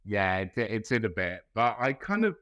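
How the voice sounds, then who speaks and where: A man's voice: lowish voice, big pitch swings, moderate pace, a bit bright. Hesitant man from England. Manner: hesitant, repeats words, tentative. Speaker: guest, nurse from England. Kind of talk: casual podcast chat.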